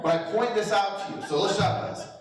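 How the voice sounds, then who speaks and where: Speaking quickly in a high-pitched voice, a middle-aged man gives a motivational storytelling talk as a real estate trainer, poking fun at himself and chuckling. Music plays in the background, and a distant mic picks him up in an echoey hall.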